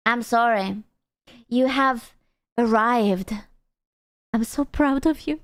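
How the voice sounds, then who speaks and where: A young adult VTuber chats with her stream audience in a casual, teasing manner, dropping crude jokes as she goes. Her high voice is clean and smooth, and she speaks slowly with long pauses.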